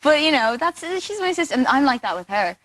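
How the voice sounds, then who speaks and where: Giggly teenage actress, chatty. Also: female voice, high-pitched, sing-song, quick pace, a bit bright. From Ireland. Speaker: actress guest. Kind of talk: casual interview chat. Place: TV studio.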